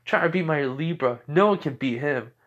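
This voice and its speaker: Cheeky excitable little boy, put on by a male narrator, high lilting teasing voice, fan story. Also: moderate pace, highs cut off. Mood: taunting. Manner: high, sing-song teasing.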